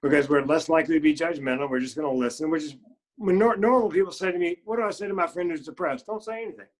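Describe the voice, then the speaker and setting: A man being interviewed as a guest comedian, telling stories and acting out the quotes in higher voices. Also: fast talker. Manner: animated storyteller who acts out quotes in higher voices. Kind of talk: casual interview storytelling.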